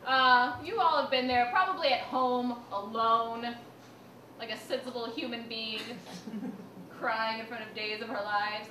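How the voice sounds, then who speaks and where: A young woman performing a stand-up comedy set in a small venue, telling a self-mocking story with bursts of shouted punchlines. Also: fairly high pitch, a little slow. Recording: roomy, distant live recording with faint noise.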